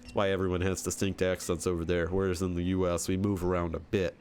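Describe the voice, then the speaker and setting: A man's voice: low voice, little pitch movement, fast, background noise. A man with a Michigan accent, rambling and chuckling as he talks to viewers during casual gameplay commentary. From Michigan, USA. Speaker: streamer.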